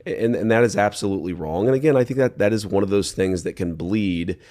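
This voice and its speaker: A man's voice: lowish voice, fairly quick, a little mellow. A man conducting an interview, speaking earnestly with some restarts. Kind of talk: interview talk.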